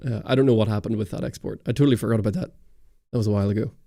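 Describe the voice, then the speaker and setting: A man's voice: fairly low pitch, fairly even intonation, rapid-fire, warm tone, no room sound. A man from Northern Ireland with a Northern Irish accent, hosting a casual livestream and rambling through answers to viewer chat on a close studio mic. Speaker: YouTube host on a livestream.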